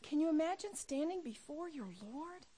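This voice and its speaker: A middle-aged woman preaching a sermon to women, impassioned, dropping to a hush and then rising loud. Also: high-pitched, expressive, moderate pace. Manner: impassioned, swings from hushed to loud. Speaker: women's ministry speaker.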